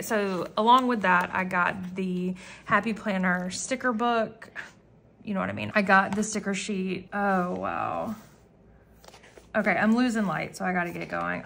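Woman, medium pitch, chatty and gushing, casual home vlog delivery. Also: gravelly, a bit bright, a little hiss or hum. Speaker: planner vlogger. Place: common room at home, indoors.

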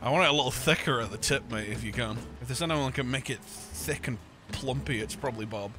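A man's voice: mid-range voice, fast. A young man, joking in mock builder talk and swearing while playing a game with friends. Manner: joking builder banter, swears, calls everyone mate. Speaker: gamer. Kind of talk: rowdy gaming banter.

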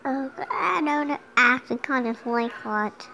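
Chatty, high-voiced girl playing a game. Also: lively intonation, measured pace, creaky, bright, forceful tone, poor audio. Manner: chatty, giggly, sings and hums along. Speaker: gameplay commentator. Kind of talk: casual gameplay commentary. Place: home room.

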